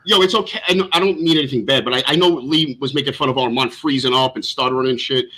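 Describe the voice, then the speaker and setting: A man's voice: medium pitch, steady tone, quick pace, bright, forceful tone. A man on a podcast panel arguing bluntly in a heated casual debate, lecturing and swearing freely, heard over a video call.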